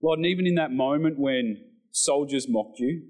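A man preaching a sermon to his church, telling the story with animated delivery and acted-out quotes. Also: medium pitch, moderate pace, low-quality recording. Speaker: pastor.

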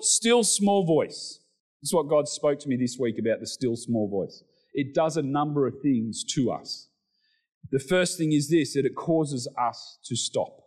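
A middle-aged man preaching a sermon, animated, with excited exclamations and humorous asides. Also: medium pitch. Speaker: pastor.

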